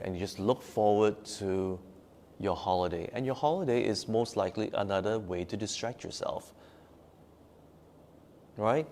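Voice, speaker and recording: A male meditation teacher with a voice that sits a little low speaks to his group in a meditation room. He leans on repetition to drive each point home, and now and then he reads a viewer's comment aloud and answers it. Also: a little mellow, slight background noise. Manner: emphatic, repeats key words for stress. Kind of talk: live-streamed teaching talk after meditation. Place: meditation room at a forest retreat.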